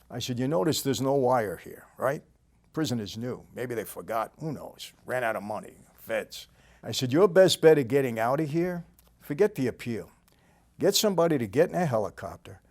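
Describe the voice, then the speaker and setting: An older man with a New York accent telling a story in a casual, plain-spoken way, often trailing off quietly at the end of a sentence. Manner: conversational, plain-spoken, drops to a low murmur at line ends. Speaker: storytelling host.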